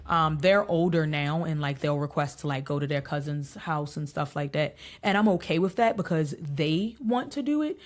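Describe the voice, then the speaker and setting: A woman in her thirties, a podcast guest telling family stories in a casual, animated way and laughing often. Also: deep voice, moderate pace, hardly any pauses. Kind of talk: casual interview chat.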